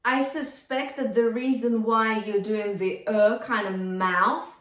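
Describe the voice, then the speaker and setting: Woman vocal coach, fairly high voice, encouraging, breaks into short sung demos; recorded a bit off-mic in a roomy space. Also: steady tone, slow pace, a bit bright. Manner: encouraging, demonstrative, sings short phrases to show. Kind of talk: singing lesson feedback with sung demonstrations. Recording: roomy, from a distance.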